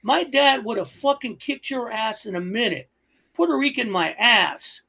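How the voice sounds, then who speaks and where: A man's voice: very high-pitched, moderate pace, gravelly. A man hosting a political talk show, heated and profane, his voice jumping up in anger. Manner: angry, profane, swings loud. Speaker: podcast host.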